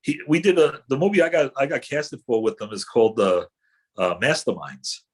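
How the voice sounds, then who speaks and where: A man's voice: mid-range voice, moderate pace, husky. A middle-aged man, an actor guest, telling rambling anecdotes in casual chat with many fillers and restarts.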